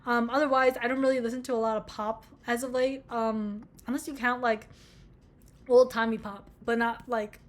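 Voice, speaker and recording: Rambling young woman, higher voice. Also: level tone, normal speed. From United States. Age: young adult. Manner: rambling, profane, self-mocking. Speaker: vlogger. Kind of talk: casual chat.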